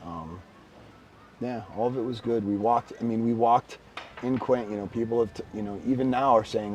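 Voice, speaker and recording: Animated storytelling man, a bit distant. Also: mid-range voice, normal speed, a little hiss or hum. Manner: animated storyteller, bursts of excited shouting when retelling. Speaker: podcast co-host. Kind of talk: casual podcast chat. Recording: slightly distant mic with faint background ambience.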